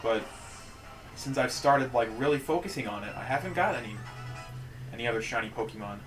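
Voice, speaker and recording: A man's voice: medium pitch, lively intonation, a little fast, over music, low-quality recording. Rambling, joking male game streamer. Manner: joking, rambling, self-mocking. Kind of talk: casual gaming stream chat.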